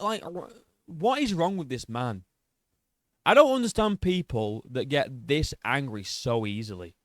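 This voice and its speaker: A man's voice: on the high side, no room sound, studio quality. Sarcastic man mocking a clip. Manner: mocking, sarcastic, swears freely, laughs at the clip. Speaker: reaction commentator. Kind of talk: video reaction commentary.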